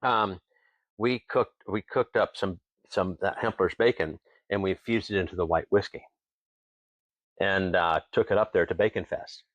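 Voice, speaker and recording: A man's voice: sits low, normal speed, dry recording. A man from Washington State, a distillery owner, telling folksy stories as a guest in a casual interview, chuckling between lines and acting out what other people said. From Tenino, Washington. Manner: lively storyteller who acts out other people's lines.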